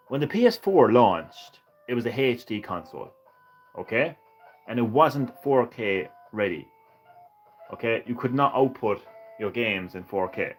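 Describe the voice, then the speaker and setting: A man streaming a retro game, chatting with viewers in a sweary, ranting way. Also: mid-range voice. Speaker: gaming streamer. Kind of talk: casual live-stream chat.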